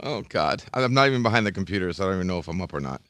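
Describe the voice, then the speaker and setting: Man, bright forceful voice, teasing, mock-outraged, casual chat. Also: low voice, lively intonation, very fast, no room sound, clean studio sound. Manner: joking, teasing, bursts of exaggerated outrage.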